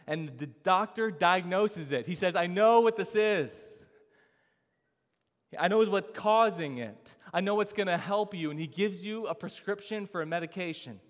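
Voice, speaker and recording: This pastor's voice is a little high and a bit bright as he preaches, building emphasis and posing rhetorical questions to the congregation. The church sanctuary wraps everything in a large hall's long reverb.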